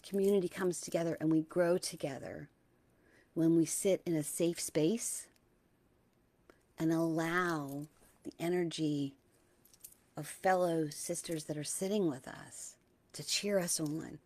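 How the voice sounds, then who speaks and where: A middle-aged woman with a lowish voice gives a soft-spoken spiritual talk. She is gentle and dreamy, and she stretches out her key words. Now and then she sinks into a breathy hush. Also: steady tone, a little slow, pauses often, no echo. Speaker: spiritual teacher and host.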